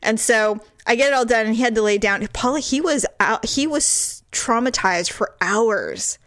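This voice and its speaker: A woman in her forties with a fairly high voice tells a story on a podcast, bouncing into quoted voices and laughing as she goes. The sound is dry and close, with no room around it. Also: normal speed, no echo. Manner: animated, acts out quoted voices, laughs often. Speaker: podcast co-host. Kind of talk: casual storytelling chat.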